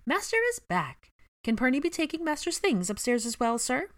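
A woman's voice: high-pitched, sing-song, normal speed, pitched above the performer's own voice. A woman voicing a small, eager female house-elf servant who speaks of herself in the third person and calls everyone sir. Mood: eager, deferential.

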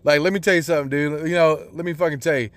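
A man's voice: a little high, fairly even intonation, very fast, no room sound. A young man telling a rambling personal story, swearing constantly, with many restarts and fillers. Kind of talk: casual storytelling monologue.

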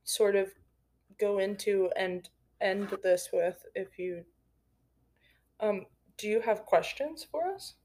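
A woman's voice: mid-range voice, slow pace, long pauses, a little mellow. A young woman co-hosting a podcast, speaking casually and directly. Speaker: podcast co-host.

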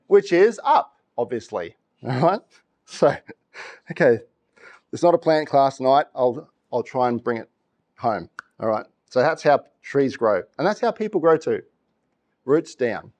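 A middle-aged man preaching a sermon, telling stories with laughs and acted-out voices. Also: medium pitch. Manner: animated storytelling, laughs often, acts out voices. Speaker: pastor.

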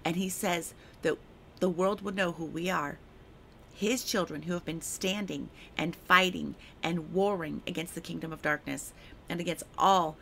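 A woman's voice: fairly low pitch, fairly even intonation, normal speed, vocal fry, sharp tone, a little hiss or hum. A woman hosting a devotional podcast who reads a prophetic word aloud and then talks about it informally. She speaks emphatically and repeats her key phrases with fervour. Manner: emphatic and repetitive, fervent; chatty and informal in her own remarks. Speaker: podcast host sharing prophetic words.

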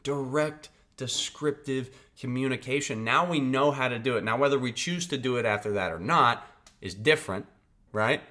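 Speaking at a normal speed, this man's medium-pitched voice sounds pushed and bright. As a podcast host he offers casual, blunt, profane, emphatic advice, conversationally checking in with his listeners through "right?" and "okay?".

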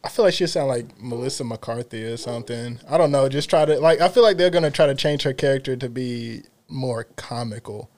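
A man's voice: medium pitch, brisk, hardly any pauses. A man co-hosting a podcast, chatting casually and telling stories with lots of laughter. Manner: laughing, animated storytelling. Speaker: podcast co-host. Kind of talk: casual chat.

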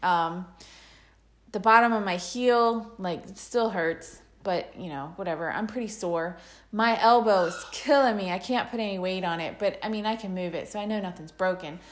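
A woman's voice: mid-range voice, moderate pace. Laughing woman telling a story. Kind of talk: casual storytelling chat.

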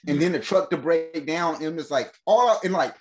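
Speaking at a moderate pace in a fairly high voice, a podcast host spins a long, slangy, animated story during casual chat. He laughs frequently and imitates the voices of the people in the tale.

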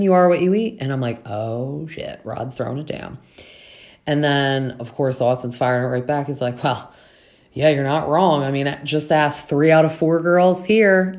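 A young woman with a notably deep voice for a woman, talking casually through a reality TV recap. She fills her talk with "like" and slips into quick impressions of what others said. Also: a little mellow. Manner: chatty, fillers, acts out quotes from the cast. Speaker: podcast host recapping reality TV.

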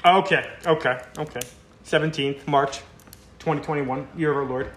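A man's voice: a little high, fairly even intonation, normal speed, a bit bright, slight background noise. A young man hosting a casual podcast chat, teasing his guests and laughing often. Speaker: podcast host.

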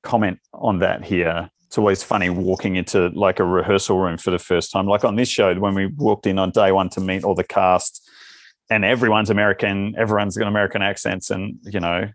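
Low-voiced Australian man, dry sound. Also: little pitch movement, a little fast, no room sound. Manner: loose, rambling answers that circle back on themselves. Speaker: actor guest. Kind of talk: casual interview chat.

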